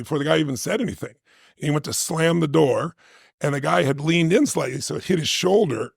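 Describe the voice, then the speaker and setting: A man's voice: fairly high pitch, creaky, husky, dry recording, clean studio sound. A man telling a personal story as a podcast guest, vividly acting out the voices of the people in it. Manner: vivid storytelling, acts out quotes.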